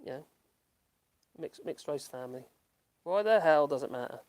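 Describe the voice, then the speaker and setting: An older man with a Norfolk accent, hosting a casual livestream and reading chat comments in a rambling, halting way full of ums and laughs. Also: fairly high pitch, animated, a little mellow. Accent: Norfolk English. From Norfolk, England.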